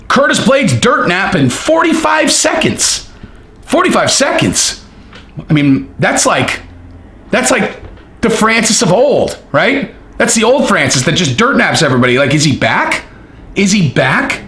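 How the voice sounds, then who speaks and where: A man giving a casual, jokey opinion monologue on fighting, animated and quick to break into impressions. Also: fairly high pitch, roomy sound. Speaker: MMA commentator.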